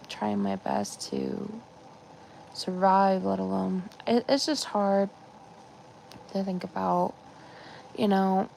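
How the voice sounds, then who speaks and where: A woman's voice: medium pitch, vocal fry, a little mellow, a little hiss or hum. A woman hosting a casual live chat, rambling and chatty, with lots of fillers, talking to her viewers. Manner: talks to her viewers as "guys". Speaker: live-stream host.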